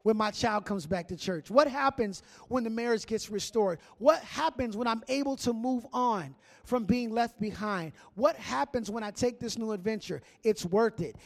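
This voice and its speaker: High-voiced animated male preacher. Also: normal speed, few pauses. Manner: animated, conversational preaching with call-and-response. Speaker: pastor. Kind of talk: sermon.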